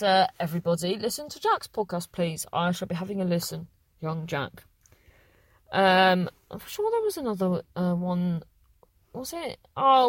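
A woman's voice: mid-range voice, bright, forceful tone, no room sound. Lady podcaster reading listener messages, giggly and rambly, dry mic. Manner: chatty, rambling, self-correcting, giggly. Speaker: podcast host.

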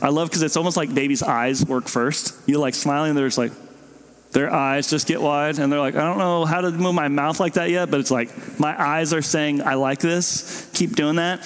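A young adult male pastor preaching a casual, animated sermon, slipping into playful voices for babies and parents. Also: on the high side. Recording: long hall reverb.

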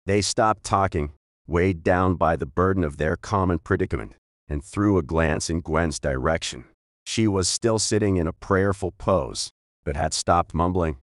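A man narrating an audiobook in a steady, measured way. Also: deep voice, dry recording, clean studio sound.

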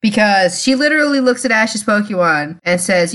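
A woman's voice: mid-range voice, expressive, normal speed, a bit bright. Chatty exasperated woman podcaster. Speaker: podcast co-host. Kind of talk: casual chat.

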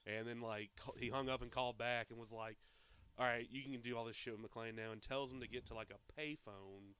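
Male podcast co-host, smooth resonant tone, profane and animated. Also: medium pitch, fairly quick. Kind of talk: casual movie discussion.

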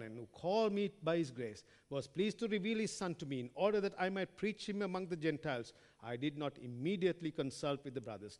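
In a long, reverberant hall, a man with a mid-range voice preaches a sermon, reading scripture aloud and addressing listeners as friends with rhetorical questions. His delivery swings strongly between loud emphasis and quiet, trailing words.

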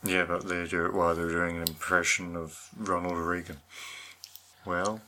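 A man's voice: deep voice, flat delivery, moderate pace, pushed and bright. A man co-hosting a casual podcast chat, bantering in a dry, teasing way. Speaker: podcast co-host.

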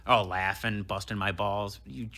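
This thirty-something male comedian, appearing as a guest, spins a story in relaxed conversation with a lowish voice and a slightly slow pace. He gets animated and curses while mimicking what others said.

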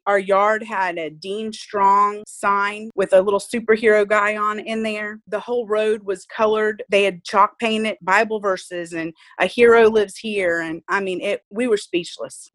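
A woman's voice: medium pitch, fairly bright tone. A woman, a mother speaking earnestly and with faith about her child's illness in an interview. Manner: heartfelt, faith-filled, earnest. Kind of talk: emotional personal interview.

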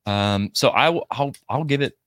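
A man co-hosting a casual chat about song covers, animated and jokey. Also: moderate pace, no echo. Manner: animated, jokey, jumps up high when mimicking. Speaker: co-host.

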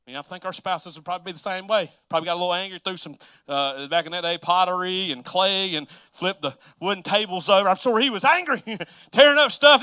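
A man preaching a sermon, chatty and laughing, acting out Bible figures in quick voices. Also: sits high, bright, forceful tone, clear, resonant tone, dry recording, clean studio sound.

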